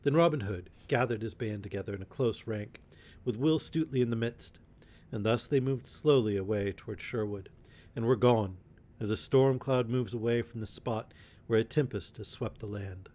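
A man narrating an old adventure novel aloud as a calm bedtime story, in a steady, measured reading. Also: lowish voice.

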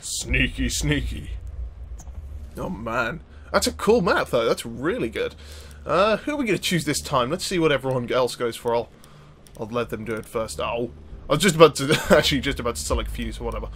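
A man giving chatty, excitable commentary over his own gameplay, often laughing and swearing. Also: medium pitch, brisk, husky. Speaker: gaming video host.

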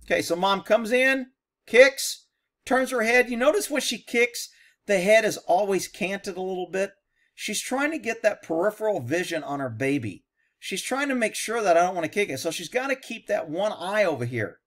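A man's voice: high-pitched, lively intonation, normal speed, a bit bright. A man, a horse trainer, giving blunt, sarcastic reaction commentary over a video.

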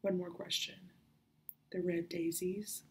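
A bold, stubborn girl presses her questions insistently, as a woman reading a storybook voices her. Her low voice carries a gravelly edge. She sounds determined in a storybook reading. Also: little pitch movement, slow pace, a little mellow.

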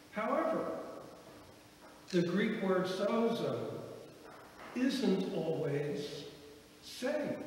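Man, pastor, high voice, slow sermon delivery, echoey hall, distant mic. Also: a little hiss or hum. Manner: storytelling, acts out quoted voices. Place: church sanctuary. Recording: echoey church hall from far off.

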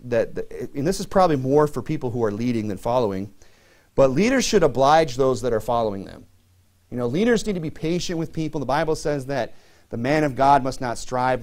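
A man's voice: medium pitch, darkish tone. A middle-aged man preaching a sermon to his church in a conversational way, full of "you know" fillers. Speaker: pastor.

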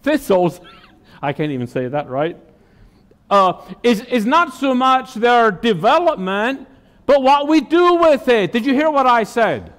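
High-voiced preaching man in a hall. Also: big pitch swings, measured pace, a bit bright. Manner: emphatic preaching, asks the congregation questions. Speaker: pastor. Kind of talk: sermon.

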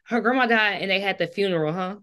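A woman chats lively about a novel with her co-host, her voice mid-pitched for a woman. She turns now and then to address the viewers directly. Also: quick pace. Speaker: book discussion co-host. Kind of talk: casual book chat.

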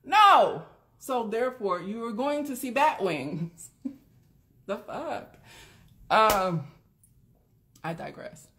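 A woman's voice: medium pitch, animated, takes it slowly, pauses often, a bit bright. A woman hosting a casual live stream, talking bluntly to her viewers with plenty of swearing and frequent laughter. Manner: blunt, profane, laughs often; chatty, talks straight to viewers. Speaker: doula and live stream host.

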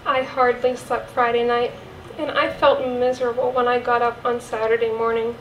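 A woman's voice: on the high side, level tone, a little hiss or hum, close to an everyday voice. A woman playing a grieving follower of Jesus, reciting an earnest first-person monologue in a church cantata. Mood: solemn. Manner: earnest storytelling, vivid and measured. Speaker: cantata narrator. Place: church sanctuary. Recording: echoey church from far off.

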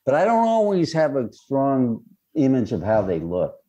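Mellow-voiced man, reflective screenwriter. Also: mid-range voice, huge pitch swings, highs cut off. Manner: thoughtful, reflective, fills pauses with "you know". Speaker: screenwriter and director, guest. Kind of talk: relaxed interview answers.

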